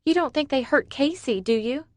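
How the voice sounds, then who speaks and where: A woman voicing a frightened young woman on the run, her voice raised high and breathless with worry, for an audiobook. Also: normal speed, a little mellow, no echo, studio quality, natural voice.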